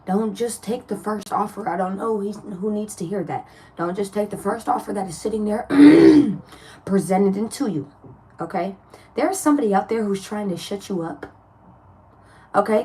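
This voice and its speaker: Blunt, chatty woman with a mellow voice. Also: medium pitch. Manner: chatty, blunt, animated, laughs often, swears freely. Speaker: tarot reader. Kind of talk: casual spoken tarot reading to viewers.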